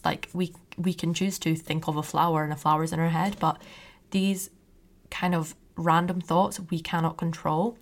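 A young woman talks through her own podcast episode in an open, chatty monologue. Her voice sits on the low side with a gravelly edge. She sounds reassuring and conversational, as if confiding in a listener. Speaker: podcast host.

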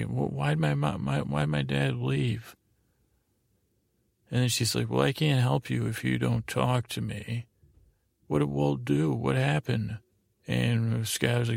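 A man hosting a sleep podcast, recapping a show in a meandering, halting way with lots of fillers and restarts. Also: mid-range voice, vocal fry, no echo, clean studio sound. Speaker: podcast host.

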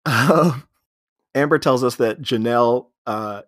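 A man's voice: medium pitch, takes it slowly. A man co-hosting a podcast, casually recapping a comedy film, laughing often and acting out quoted lines. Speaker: podcast co-host. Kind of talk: casual movie recap chat.

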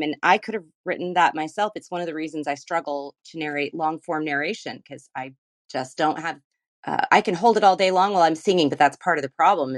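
Woman, low voice, podcast co-host, dry close sound, friendly questions. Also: no echo. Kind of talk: casual podcast chat.

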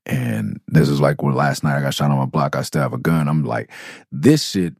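A middle-aged rapper from Los Angeles hosts a podcast, delivering a candid storytelling monologue that is blunt, raw and profane. He rambles, restarts and loops back on himself in a rumbling low, slightly mellow, husky voice at a moderate pace. The studio-quality recording has no echo.

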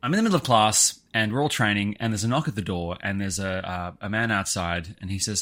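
A man co-hosting a podcast, telling a story in casual chat, animated and full of swings in pitch. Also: fast talker, few pauses. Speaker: podcast co-host.

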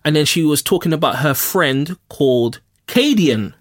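A man from North London with a London accent, co-hosting a podcast and telling a story in casual, slangy chat full of shout-outs. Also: a little high, lively intonation, normal speed. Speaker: podcast co-host.

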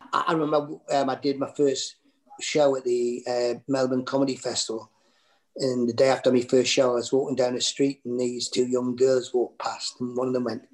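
A middle-aged Geordie man spins loose, rambling anecdotes, full of ums and false starts. His voice sits at an ordinary middle pitch, relaxed and conversational, like a comedian chatting between jokes. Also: rough recording. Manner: rambling anecdotes with many fillers and restarts. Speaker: comedian guest. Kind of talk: casual interview storytelling.

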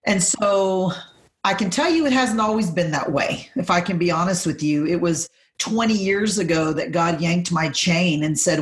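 A woman in her forties talks on a faith-based podcast with an emphatic, preacherly delivery. Her voice sits on the low side, and she drives her points home by repeating key phrases. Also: moderate pace. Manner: preacherly, speaks in declarations. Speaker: podcast guest.

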